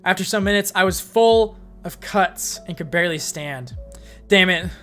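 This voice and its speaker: A woman reads fan fiction aloud in a casual live-stream manner. Her voice sits on the low side, and she breaks in with blunt, profane side comments. Soft music plays faintly underneath. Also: normal speed.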